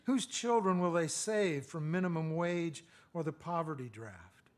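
A middle-aged man giving a lecture, reading his own poems in a measured rhythm and breaking off for hesitant asides full of fillers. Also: a little high, animated. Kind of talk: poetry reading with spoken asides.

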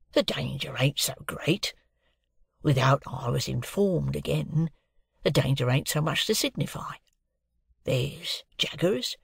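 A man doing a gravelly old convict. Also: fairly high pitch, dry recording, clean studio sound, full character voice. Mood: earnest, confiding. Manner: coarse dialect, hoarse hushed urgency. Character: rough older male convict, fiercely devoted.

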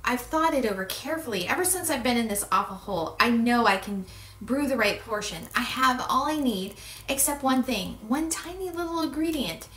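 Woman reading aloud as a self-pitying male giant, loud moaning and pleading, echoey room, distant mic. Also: on the high side, animated, moderate pace. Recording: roomy echo, distant mic.

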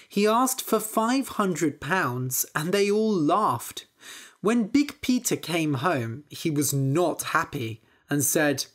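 A woman narrating a fairytale slowly and clearly for English learners. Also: low voice. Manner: slow and expressive. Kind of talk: slow, clear storybook narration.

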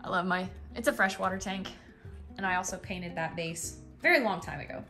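A woman's voice: mid-range voice, fairly quick, pushed and bright. A woman talking casually and enthusiastically in a home how-to vlog, with plenty of fillers. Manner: chatty, enthusiastic, lots of fillers. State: breathing heavily. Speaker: vlogger. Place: home office room. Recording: echoey room, faint music.

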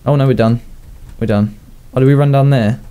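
A man's voice: medium pitch, fairly even intonation, a little fast, warm tone, smooth. A young man with a Southern English accent rambling through casual video game commentary, chatting to himself and laughing at his own jokes. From southern England. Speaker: gaming YouTuber.

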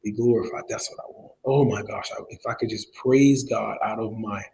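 A man's voice: on the low side, steady tone, moderate pace, creaky, a little mellow, low-quality recording. A man teaching a church Bible study, telling personal stories with feeling and laughing now and then. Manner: emotional, storytelling, laughs while preaching. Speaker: preacher.

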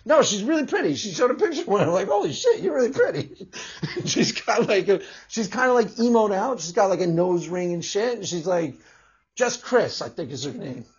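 Brief: a male vlogger with a husky, high voice, cursing and mocking; muffled lo-fi audio. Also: very animated, brisk. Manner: swears heavily, laughs often, mocking. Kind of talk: profane opinion rant. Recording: dull lo-fi recording.

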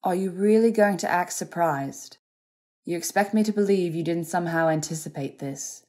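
A cold, bitter young man, read by a woman in an audiobook, his words clipped and bland. Her voice stays low and unhurried. He sounds drained and resentful. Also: steady tone, darkish tone.

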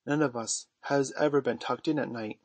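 A man's voice: mid-range voice, fairly even intonation, normal speed, no room sound, lightly acted. A man reading aloud voices a cocky, sly boy who never grows up, speaking in a coaxing, wheedling way.

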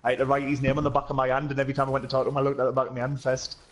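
A man's voice: mid-range voice, monotone, racing. A man chatting over a headset during a co-op game, telling rambling, laughing anecdotes. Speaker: co-op gaming teammate. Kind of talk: casual gaming chat and storytelling.

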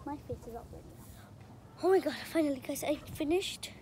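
A young woman chatting casually for her vlog while feeding chickens outdoors, filmed on a hand-held phone, rambling and excitable. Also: high-pitched, a little fast, a little hiss or hum. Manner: rambling, excitable, gets loud when the chickens crowd her. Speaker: vlogger. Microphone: phone camera held in hand. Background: clucking chickens and birds.

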